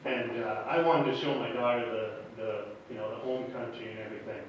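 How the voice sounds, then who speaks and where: A man in his forties telling a personal story on stage, halting and nervous, chuckling between lines. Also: medium pitch, fairly even intonation. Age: 40s. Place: hall with a live audience. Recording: echoey room, distant mic, background noise.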